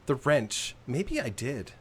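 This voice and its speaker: A man's voice: mid-range voice, very animated, slow, slightly rough. A man hosting a game livestream, chatting casually while he checks submissions, often distracted. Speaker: streamer host.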